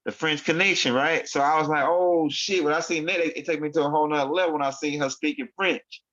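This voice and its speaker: A man's voice: on the high side, fairly even intonation, fast, pushed and bright. A man hosting his own online show, rambling through casual commentary in street slang and often repeating himself. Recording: dull lo-fi sound.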